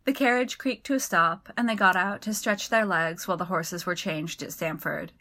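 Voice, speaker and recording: A woman narrating a story in an even, clear storytelling manner. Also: on the low side, moderate pace.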